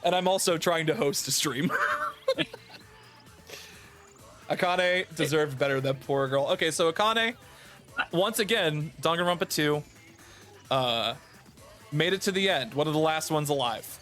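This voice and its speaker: A man with a fairly high voice hosts a live stream from his home setup, talking in loose, animated chat. He swears freely and laughs often, and soft music plays underneath. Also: unhurried, long pauses. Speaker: stream host. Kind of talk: casual chat.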